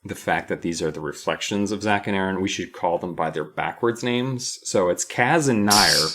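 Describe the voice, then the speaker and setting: A man's voice: sits low, moderate pace. A man co-hosting a podcast, casually discussing a book and acting out the characters' lines. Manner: animated, acts out characters' lines. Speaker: podcast co-host.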